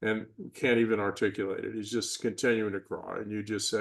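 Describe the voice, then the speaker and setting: An older man speaking as a podcast interview guest, reflective and measured, sometimes acting out the voices he describes. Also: fairly low pitch, little pitch movement, creaky, a bit bright. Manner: reflective, measured, acts out inner and parental voices. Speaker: guest, performance psychologist. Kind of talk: conversational interview.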